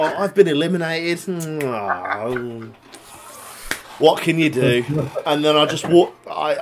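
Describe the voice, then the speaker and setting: A young man tells a story in casual chat, swearing a lot and laughing along as he goes. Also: medium pitch. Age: young adult. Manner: swears a lot, recounts a grudge; laughs while telling the story.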